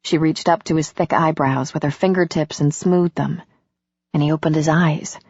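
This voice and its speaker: A woman narrating a romance audiobook in a slow, intimate, even reading. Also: deep voice, breathy edge, no echo. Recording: dull lo-fi audiobook recording.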